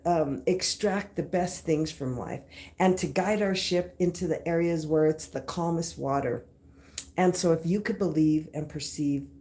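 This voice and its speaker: An emphatic woman in her thirties talks to her live viewers in a casual motivational chat. Her voice sits a little low, and she leans on repeated phrases and easy slang. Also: dark tone. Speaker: motivational live-stream host.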